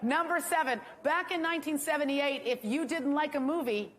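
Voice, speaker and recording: A woman's voice: sits high, moderate pace, fairly bright tone. A woman hosting an awards ceremony, delivering a stand-up monologue with wry jokes and asides to a live audience. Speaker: awards show host. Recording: echoey hall with faint room noise.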